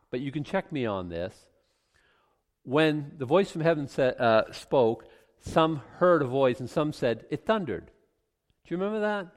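A man giving informal verse-by-verse Bible teaching in a conversational way, often restarting and adding asides. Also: a little high. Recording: long hall reverb.

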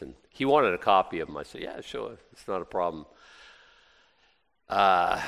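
A man preaching a conversational sermon in a folksy, rambling way, full of asides and restarts. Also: sits low. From United States. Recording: long reverb of a hall.

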